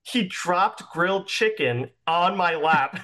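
A man's voice: high-pitched, lively intonation, slow, pushed and bright, heavily acted. A man voicing an odd, dreamy woman in a tabletop game, drawing his words out. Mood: puzzled.

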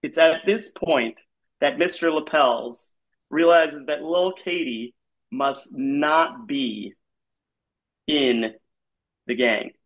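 A man telling a rambling comic story in a halting way, full of "like" and restarts, as he describes absurd scenes. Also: a little high, a bit bright.

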